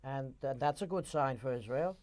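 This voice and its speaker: A man's voice: medium pitch, normal speed, a little mellow. A man hosting a conversational interview, speaking in long-winded runs and retelling stories at length before he asks his questions. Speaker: interview host.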